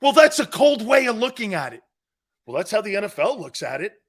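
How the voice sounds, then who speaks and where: Blunt, animated male sports talk host. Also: sits high, brisk. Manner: blunt, combative, mocking imitations of others. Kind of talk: opinionated sports radio rant.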